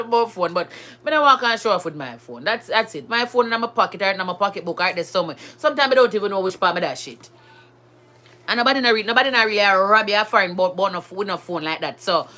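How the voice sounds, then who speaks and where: A Jamaican woman vlogs to camera in a casual monologue, slipping between patois and standard English. She is an adult with school-age children of her own. Her mid-range voice is bright and forceful, and her manner is chatty and emphatic.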